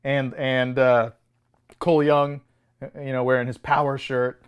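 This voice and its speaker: A man's voice: medium pitch, little pitch movement, unhurried, clean tone, highs cut off. A man co-hosting a movie review show, mocking the film in casual debate and laughing often.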